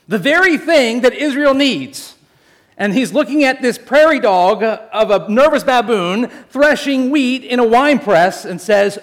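A man preaching a sermon, telling a story in a lively, jokey way and speaking straight to the congregation. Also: high-pitched, unhurried. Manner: animated, jokey storytelling addressing the congregation as folks. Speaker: pastor.

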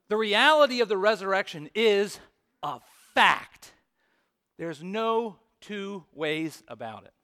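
A man's voice: high-pitched, sharp tone. A man preaching a sermon as pastor, reading scripture, praying and telling stories in an earnest, emphatic way.

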